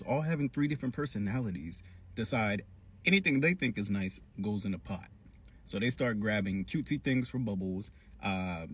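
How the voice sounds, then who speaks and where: A man giving a casual, slangy recap of a cartoon episode with animated storytelling. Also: on the low side, slightly rough. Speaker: cartoon reviewer.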